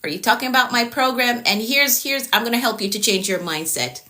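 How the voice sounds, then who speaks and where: A woman's voice: fairly high pitch, animated, fairly quick, pushed and bright. A woman from Jamaica with a Jamaican accent, a productivity coach chatting on a live stream, repeating her points and answering viewers' comments as they come in.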